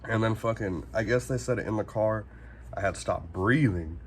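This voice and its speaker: A man's voice: on the low side, normal speed, a little hiss or hum. A man, telling a casual storytime in a rambling, slangy way, swearing freely and saying "like" constantly. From Northern California. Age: 20s. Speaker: vlogger.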